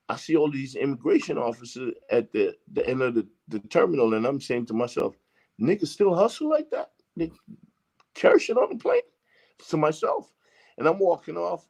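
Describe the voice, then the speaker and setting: A Jamaican man appearing as an interview guest tells a long story in casual, profane talk, emphatically acting out the exchanges between the people in it. His voice is mid-range, creaky, and a little mellow.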